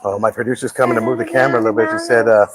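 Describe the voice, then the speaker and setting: A man's voice: on the low side, rapid-fire, a crowd in the background. A middle-aged man hosting a live show, chatting casually and joking, often repeating his words. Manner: jokey, animated, repeats words. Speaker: host.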